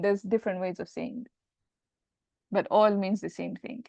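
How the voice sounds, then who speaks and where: A woman's voice: medium pitch, normal speed, vocal fry, pauses often, dark tone, no echo, lo-fi sound. A woman teaching an Arabic grammar class, explaining step by step and mixing English with Arabic terms.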